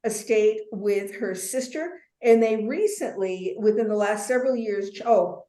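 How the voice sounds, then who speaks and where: With a medium-pitched voice at a measured pace, a woman instructs a wine tasting webinar in a chatty style, full of fillers like um and warm, playful asides. Her audio has a roomy echo.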